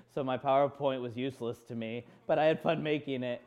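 A man's voice: medium pitch, steady tone, fast talker, a little mellow, clear, resonant tone. A man in his thirties preaching a sermon, telling a personal story candidly and quoting his own inner dialogue. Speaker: pastor.

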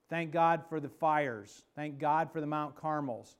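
A man delivers a sermon from the pulpit of a church, his voice sitting a little high for a man. He builds to emphatic peaks, then falls back into a soft, intimate hush. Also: a little slow, few pauses, smooth. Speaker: pastor.

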